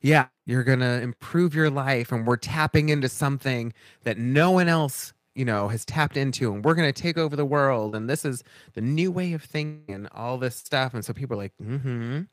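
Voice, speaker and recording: A man's voice: mid-range voice, normal speed, hardly any pauses, dry recording. A man co-hosting a casual podcast chat, telling stories and acting out other people's lines as he goes. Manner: animated storyteller, acts out quoted voices. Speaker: podcast co-host.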